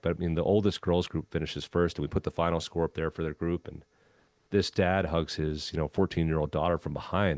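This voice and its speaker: A man who used to be a golf club head pro tells a long anecdote in an interview, relaxed and full of "um" and "you know.". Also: sits low, dry recording. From Minnesota. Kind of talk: storytelling in a conversational interview.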